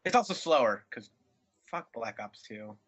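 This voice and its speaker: A young man chats on a podcast in an animated way, his voice swooping lively and bright. He swears freely and breaks into goofy voices. The audio sounds dull and lo-fi. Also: mid-range voice, moderate pace. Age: 20s. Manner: animated, swears a lot, does silly voices. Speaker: podcast co-host. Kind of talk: casual chat.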